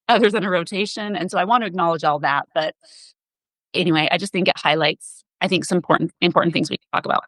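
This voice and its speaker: A woman's voice: fairly low pitch, fast talker, fairly bright tone, no room sound, poor audio. A woman physician assistant, a podcast guest, telling a personal story in an earnest, emotional way.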